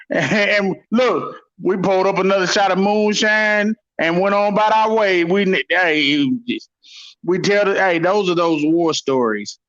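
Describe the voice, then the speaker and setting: A man's voice: sits high, a little slow. Man, host, rowdy laughing storyteller, raised voice, muffled lo-fi audio. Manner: profane, laughing, animated storyteller. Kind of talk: casual storytelling chat.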